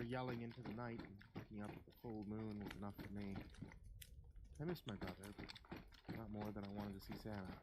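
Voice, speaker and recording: A storyteller narrating a spooky first-person Christmas story in a slow, measured, hushed way. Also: medium pitch, very noisy. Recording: loud keyboard typing behind.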